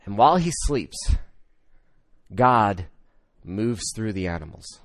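Male pastor, 30s, dry close sound, animated storytelling sermon voice. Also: fairly low pitch, a little slow, long pauses, no echo. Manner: storytelling with swings from loud excitement to hushed emotion.

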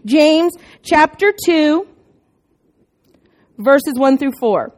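A middle-aged woman with a high voice preaches a casual sermon to her congregation. She talks in a chatty, self-deprecating way and tells stories, now and then breaking into loud, excited bursts. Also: slow, long pauses.

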